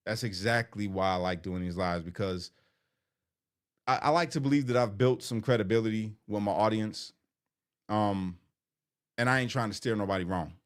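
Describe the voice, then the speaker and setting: A man with a lowish voice talks casually on a live stream, reading out viewer comments and answering them one by one. He is chatty and informal, and his voice jumps higher and louder when something excites him. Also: normal speed, pauses often, clean tone.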